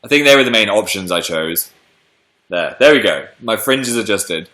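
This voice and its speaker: Bright, chatty British man. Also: lowish voice, expressive, moderate pace. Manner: chatty, playful, reads out viewer comments. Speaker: livestream host reading chat. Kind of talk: casual chat.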